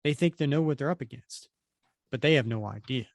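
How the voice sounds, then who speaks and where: A man's voice: mid-range voice, fairly quick, creaky, no room sound, clean studio sound, lightly acted. A man voicing an earnest young male team leader giving a rallying speech. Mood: determined.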